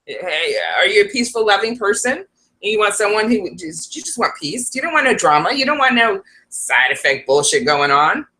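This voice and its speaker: A woman's voice: mid-range voice, very animated, moderate pace, pushed and bright. A woman psychic advisor talking to her viewers in a casual, rambling vlog, laughing often.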